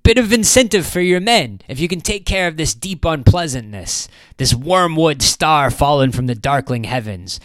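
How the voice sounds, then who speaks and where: A fussy, theatrical theater owner, as a male narrator puts him on, with a voice pushed well up and ringing out loudly. He wheedles and shows off with every phrase. The sound is close and dry. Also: animated, moderate pace, hardly any pauses, dry recording. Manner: high, showy and wheedling.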